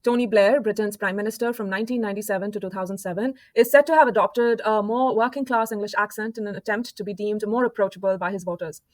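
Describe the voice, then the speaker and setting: A woman from India giving a calm, measured scripted narration for an explainer video. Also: medium pitch, dry recording.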